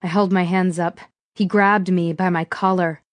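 Low-voiced woman narrating a thriller audiobook. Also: steady tone, moderate pace, dry recording. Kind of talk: first-person audiobook narration.

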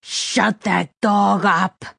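A woman voicing a cruel, mocking male gang thug who talks slowly and low in an audiobook reading. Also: fairly even intonation, a little mellow, no echo, clean studio sound. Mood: threatening. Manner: slow, low and contemptuous.

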